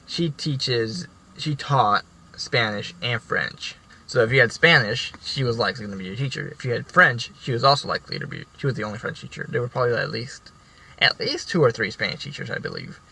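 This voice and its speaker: A young man with a bright, forward voice telling school stories in a loose, rambling way. He restarts sentences often and swears casually as he goes. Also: mid-range voice, brisk, gravelly, slightly rough, rough recording. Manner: rambling, profane, many restarts. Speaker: vlogger. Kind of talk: casual storytelling.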